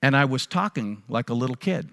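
Man, pastor, sermon, earnest storytelling, mid-pitched voice, long hall reverb. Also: animated, a little fast, creaky, fairly bright tone. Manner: earnest, repetitive emphasis, frequent restarts. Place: church sanctuary.

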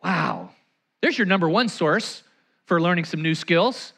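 Lively, bright-voiced male pastor. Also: high-pitched, a little slow, creaky. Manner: animated, acts out anecdotes and quotes; leads the congregation in call-and-response. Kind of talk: sermon.

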